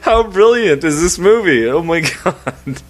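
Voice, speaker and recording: A man co-hosting a casual film podcast, excitable and laughing often as he gushes. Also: high voice, a little slow. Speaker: podcast co-host.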